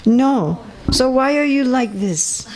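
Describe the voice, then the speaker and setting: A woman's voice: sits high, lively intonation, slow pace, a little mellow. A woman giving a religious lecture to a live audience in a temple hall, chatty and teasing, often checking that listeners follow. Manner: light teasing humor. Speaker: visiting speaker.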